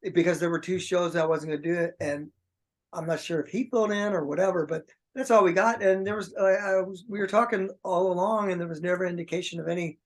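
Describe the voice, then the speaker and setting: A man's voice: sits high, fast talker. Rambling male musician telling a story. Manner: rambling, many restarts, acts out quoted voices. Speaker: interview guest, musician. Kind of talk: casual storytelling.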